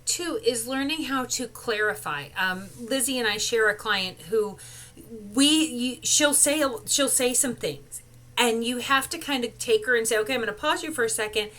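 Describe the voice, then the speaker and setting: Bright earnest woman therapist. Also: on the high side, a little slow. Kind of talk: casual web chat.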